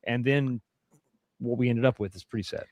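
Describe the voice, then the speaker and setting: A man's voice: mid-range voice, normal speed, a little mellow, no echo, studio quality. A man co-hosting a podcast, chatting casually in a thoughtful, opinionated way, often hedging and restarting. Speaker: podcast co-host. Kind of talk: casual chat.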